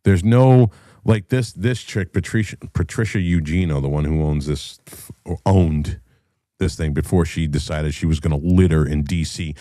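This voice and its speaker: A middle-aged man hosting his own show, ranting with heavy swearing, going from low muttering to loud heated bursts. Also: normal speed, dry recording, studio quality. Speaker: podcast host. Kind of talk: profane ranting commentary.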